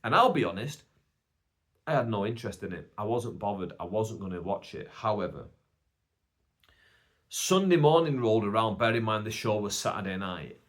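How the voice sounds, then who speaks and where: A man's voice: on the low side, sing-song, moderate pace, pauses often. A British man hosting a casual solo podcast, telling a long story in a chatty, rambling way with many asides. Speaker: podcast host.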